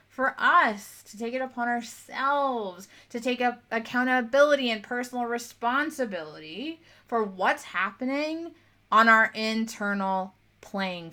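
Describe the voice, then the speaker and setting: Young woman, spiritual coach, bright tone; blunt, swears, acts out quotes in a casual pep talk. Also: fairly high pitch, expressive, measured pace.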